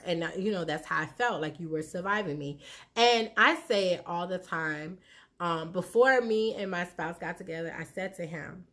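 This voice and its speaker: A woman in her thirties, a vlogger, shares relationship advice by talking candidly about her marriage to viewers; she is frank, conversational, and acts out quotes. The voice is lowish and fairly bright, at a normal speed.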